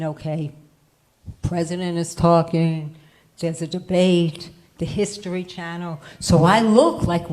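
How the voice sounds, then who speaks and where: A woman in her fifties performing a stand-up set, telling stories in a wry voice that jumps high when she acts out panic. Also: darkish tone. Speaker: stand-up comic.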